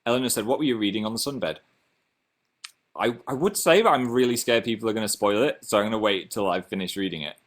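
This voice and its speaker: A man's voice: fairly low pitch, lively intonation, fast. A young man with a Northern English accent, casually chatting on his own livestream and reading out viewer comments in a chatty, self-mocking way. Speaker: livestream host.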